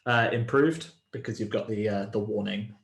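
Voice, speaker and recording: A man's voice: on the low side, moderate pace, creaky, reverberant. Hesitant man narrating as game master. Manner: hesitant, full of ums and restarts.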